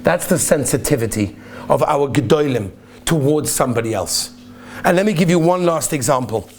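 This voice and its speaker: Male rabbi, sermon storyteller, earnest and emphatic, slightly high pitch. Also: lively intonation, normal speed, a little hiss or hum. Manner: earnest, emphatic, repeats key phrases. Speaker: rabbi giving a talk.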